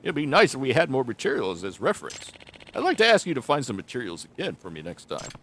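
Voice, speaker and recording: A man voicing an eccentric old male researcher from a game, pitching his voice up high and sounding eager and excitable. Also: fast talker, a little hiss or hum. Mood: excited.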